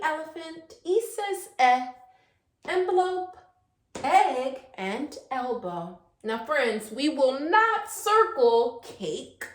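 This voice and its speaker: A woman teaching a virtual preschool class, sounding out letters in a sing-song, coaxing way and asking the children questions. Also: high voice. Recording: echoey room.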